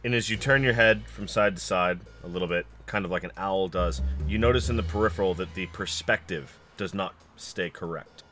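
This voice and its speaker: A man's voice: low-pitched, fairly quick, few pauses, bright, forceful tone, faint music behind. A man from California narrating as game master in a tabletop game, descriptive and wry.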